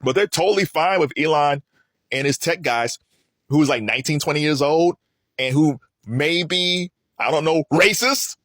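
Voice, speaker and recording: A man's voice: fairly high pitch, normal speed, fairly bright tone, no echo, clean studio sound. A man giving heated solo political commentary, asking rhetorical questions and mocking his opponents.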